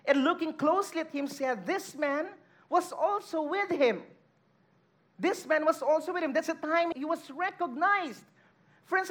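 Female preacher, high voice, earnest sermon delivery with scripture readings. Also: a bit bright. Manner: earnest, emphatic, reads scripture aloud.

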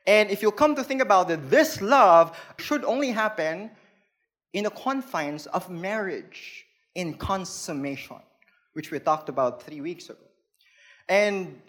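A man's voice: high voice, fairly bright tone. Filipino man preaching with a playful tone. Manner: playful, laughs at his own jokes; explains plainly, teacherly. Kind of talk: sermon.

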